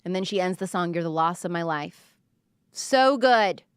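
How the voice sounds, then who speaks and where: A woman's voice: on the low side, level tone, a little fast, smooth, no room sound, clean studio sound. A young woman hosting a casual album reaction, gushing and chatty with lots of fillers. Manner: gushing, chatty, filler-heavy, reads lyrics aloud animatedly. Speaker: host reviewing an album.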